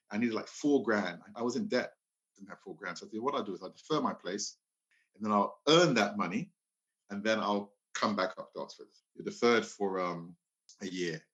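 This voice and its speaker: This is a casual storytelling interview with a man from Liberia in his fifties, who recounts his life and often acts out what people said. His lowish voice has a fairly bright tone, though the audio sounds dull.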